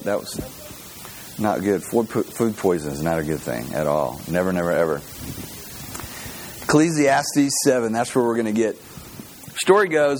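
A man preaching a casual, conversational sermon as pastor, telling stories with lots of repeated restarts. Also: medium pitch. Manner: animated storyteller, many repeated restarts.

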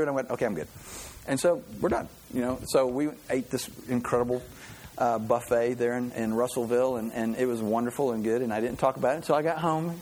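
A man's voice: mid-range voice, a little mellow, husky. A man preaching a conversational sermon, chatty, often repeating words and restarting, with easy laughs. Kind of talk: conversational sermon with personal story.

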